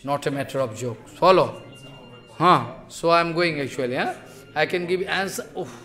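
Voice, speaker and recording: A man's voice: fairly high pitch, normal speed, bright, forceful tone, faint music behind. A man giving a sermon as a spiritual teacher, telling stories animatedly in broken English and teasing his listeners.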